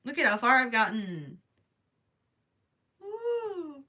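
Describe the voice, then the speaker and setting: A tired young woman with a Minnesotan accent chats on a crochet livestream and reads comments aloud between giggles. Her voice sits a little high and sounds bright and sharp, though it is strained from the late hour. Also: wildly swooping pitch, slow pace. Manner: giggly, chatty, reading viewer comments aloud. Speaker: livestream host. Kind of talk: casual livestream chat while crocheting.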